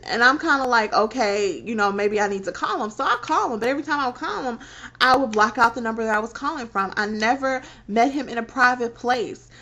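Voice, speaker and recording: A woman in her thirties frankly telling a personal story on her vlog, animated and laughing between phrases. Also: medium pitch. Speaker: vlogger. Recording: dull lo-fi recording.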